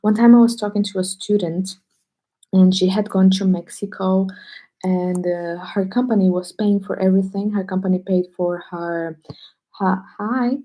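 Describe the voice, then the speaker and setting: A woman teacher on a live stream, speaking low and hushed at home so she won't wake people sleeping nearby. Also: fairly even intonation, moderate pace, low-quality recording.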